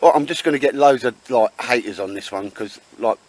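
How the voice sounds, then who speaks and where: A man's voice: mid-range voice, a little fast, darkish tone, rough recording. Man with jokey banter. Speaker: bushcraft vlogger. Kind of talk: casual chat in the woods. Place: woods outdoors.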